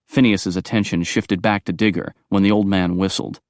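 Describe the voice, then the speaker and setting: A man reading audiobook narration in a brisk, expressive storytelling manner. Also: low-pitched, no room sound, clean studio sound.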